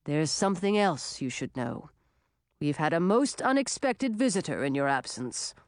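Brief: solemn old ice dragon king, read by a woman, lowered and unhurried, dry booth sound. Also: very animated, dry recording. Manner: slow, solemn, low voice. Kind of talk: audiobook character reading.

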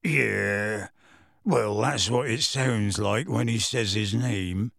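A man voicing a big, bearded half-giant man who speaks in rough, homely grammar, earnest and close to tears. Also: mid-range voice, very animated, slow, no room sound, exaggerated voice. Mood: earnest, pleading.

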